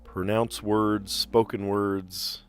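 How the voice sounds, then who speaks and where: Deep-voiced man thinking aloud. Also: drawn-out words, smooth, faint music behind. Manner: relaxed, thinking aloud with fillers and restarts. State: slight cough, clearing throat. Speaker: puzzle game streamer. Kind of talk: casual live-stream chat while solving puzzles.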